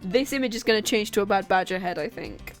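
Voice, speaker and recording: A woman's voice: mid-range voice, lively intonation, fast. Woman streamer chatting over gameplay. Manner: chatty, self-remarking asides. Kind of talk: casual gameplay commentary. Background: faint game music.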